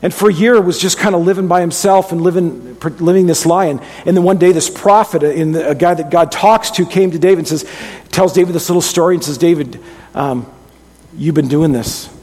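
A middle-aged man gives an earnest, conversational sermon in a slightly higher voice, often catching himself and restarting mid-sentence. His tone is breathy and husky, and a long reverb from the hall trails after each phrase. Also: quick pace, a little mellow. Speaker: pastor.

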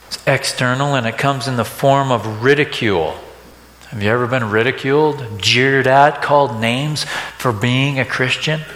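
A man's voice: mid-range voice, fairly bright tone. A man preaching a sermon, talking to the congregation in a conversational way and often checking in with rhetorical questions. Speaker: pastor. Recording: echoey hall reverb.

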